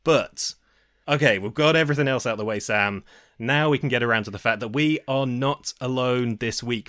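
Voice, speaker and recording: A man's voice: medium pitch, a bit bright, dry recording, clean studio sound. A man hosting a podcast, playfully teasing his guest and co-host while firing off questions. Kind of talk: casual podcast chat.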